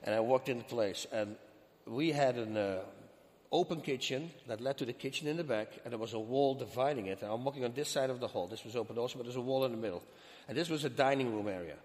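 A man with a Dutch accent, a guest in an interview, telling a story in an animated way and acting out the dialogue. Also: medium pitch, fast. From Netherlands. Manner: animated, acts out quoted dialogue. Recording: long hall reverb.

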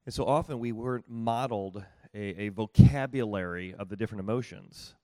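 A lowish, warm male voice, a little fast and free of echo, belongs to a middle-aged pastor. He teaches about marriage and listening in a relaxed, folksy manner and often asks the crowd rhetorically if it makes sense.

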